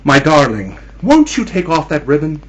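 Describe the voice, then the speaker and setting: A man's voice: a little high, wildly swooping pitch, normal speed, a bit bright, breathy edge, exaggerated voice, low-quality recording. A man voicing a young husband who pleads with his bride and then commands her sternly, in a spooky story. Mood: pleading. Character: young husband, loving but growing stern and angry.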